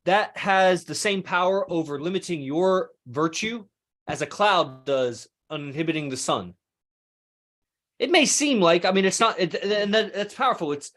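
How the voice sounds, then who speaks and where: A man's voice: high-pitched, fairly bright tone. A man hosting a podcast, musing in a casual, rambling way, swearing freely and correcting himself mid-sentence. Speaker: podcast host. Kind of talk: casual philosophical monologue.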